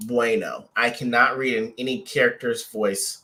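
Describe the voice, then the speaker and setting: A man's voice: mid-range voice, fairly even intonation, normal speed, pushed and bright. A man co-hosting a couples podcast, rambling and teasing in casual chat. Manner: rambling, lots of restarts and fillers; playful teasing. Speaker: podcast co-host.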